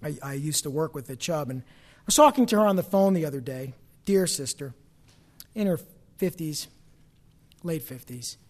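A man preaching a sermon, rising loud when he quotes scripture and dropping quiet for personal stories. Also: a little high, animated, moderate pace, pauses often.

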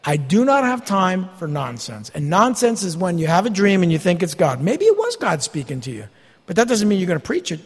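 Male pastor, high and animated, gravelly, emphatic folksy preaching, reverberant sanctuary. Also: brisk. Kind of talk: expository sermon. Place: church sanctuary. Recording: long hall reverb.

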